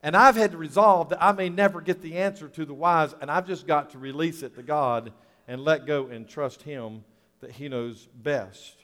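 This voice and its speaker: Earnest preacher with a higher voice in a reverberant hall. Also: male voice, normal speed, fairly bright tone. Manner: earnest, repeats key phrases. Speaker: pastor. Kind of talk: sermon.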